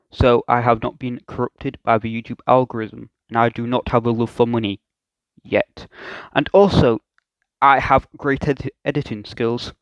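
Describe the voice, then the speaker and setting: A man's voice: medium pitch, no echo, dull audio. A young man hosting a reaction video, talking in a self-mocking, hesitant way. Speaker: YouTube reaction host. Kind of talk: reaction commentary.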